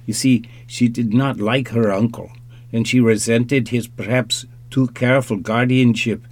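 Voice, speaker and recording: A man's voice: medium pitch, fairly even intonation, unhurried, lightly acted. A man voicing a stiff, nervous young foreigner. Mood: formal, earnest. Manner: stiff, formal speech with a slight accent.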